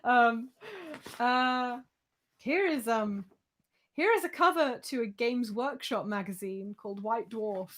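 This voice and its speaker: A young Englishwoman talks casually to her live-stream viewers, rambling from one thought to the next. Her voice sits a little high. She swears freely and laughs often. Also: slow pace, fairly bright tone.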